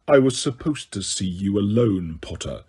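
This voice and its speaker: A man voicing a cold, sneering male potions master who speaks quietly, slowly and waspishly. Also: medium pitch, animated, slightly rough. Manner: slow, quiet, silky and waspish.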